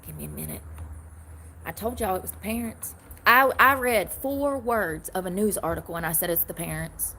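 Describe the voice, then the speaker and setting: A woman's voice: medium pitch, sing-song, normal speed, sharp tone. A woman chatting casually to her livestream audience, rambling and answering comments, from the United States. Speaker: livestream host.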